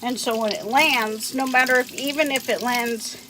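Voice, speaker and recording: A woman's voice: fairly high pitch, fairly even intonation, moderate pace, background noise. A woman vlogging outdoors about her backyard chickens, chatting in a rambling way while doing chores and getting out of breath. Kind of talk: casual vlog.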